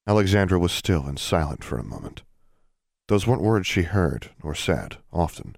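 A man narrates a fantasy novel in a steady, measured reading voice. His pitch sits very low, and the recording is dry, with no room sound around it. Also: gravelly, dry recording. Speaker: audiobook narrator. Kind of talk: scripted narration.

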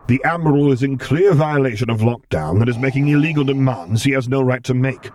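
A man reading a story, voicing a menacing armored dark lord who barks sharp, forceful commands. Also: mid-range voice, a little fast, voice pushed up, lightly acted. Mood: angry.

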